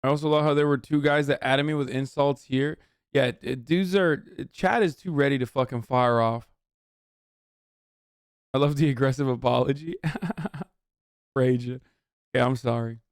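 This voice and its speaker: A man's voice: mid-range voice, fairly even intonation, a little slow, long pauses, clear, resonant tone, no echo, studio quality. Profane, heated streamer man. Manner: heated, profane ranting at chat. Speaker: livestreamer reacting to a video. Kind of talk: casual reaction stream.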